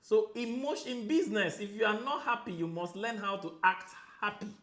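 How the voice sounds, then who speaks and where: A man with a Nigerian accent giving a motivational Q&A talk as a real estate coach, animated and acting out voices with Pidgin asides. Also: sits high, brisk, echoey room.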